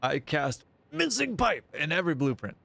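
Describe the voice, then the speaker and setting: A man's voice: on the high side, very animated, normal speed, creaky, pushed and bright, no room sound. A man livestreaming a game, chatting casually with his viewers and reading their messages aloud, with playful mock-dramatic whining. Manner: reads chat messages aloud. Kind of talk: casual gaming livestream chat.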